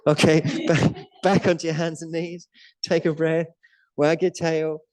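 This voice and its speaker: Chatty man with a mellow voice. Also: on the high side, level tone, measured pace, poor audio. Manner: chatty and playful, laughs often. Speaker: yoga teacher. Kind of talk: guiding a live yoga class.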